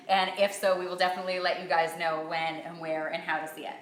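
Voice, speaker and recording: Bright, chatty woman cooking host. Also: fairly low pitch, level tone, brisk, hardly any pauses, roomy sound. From Canada. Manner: chatty, upbeat, answers viewer questions. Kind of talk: live Q&A while cooking. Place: home kitchen.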